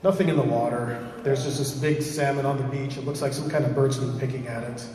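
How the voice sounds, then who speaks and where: Cunning raven trickster, a man doing him, fast-talking and evasive, distant and roomy. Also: medium pitch, fairly even intonation, dark tone, natural voice. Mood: sly. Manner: quick, evasive, persuasive. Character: sly male raven trickster in human form. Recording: echoey hall from far off.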